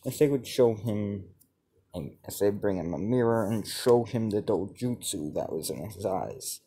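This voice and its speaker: A man narrating an improvised fan story in a slow, husky, lowish voice. He stops and restarts often, piecing the plot together as he goes. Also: animated, dark tone. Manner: halting, many restarts and repeated "as he would".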